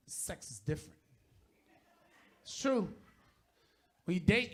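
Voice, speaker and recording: High-voiced, profane stand-up comedian man. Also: expressive, unhurried, long pauses. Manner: profane, shouting punchlines.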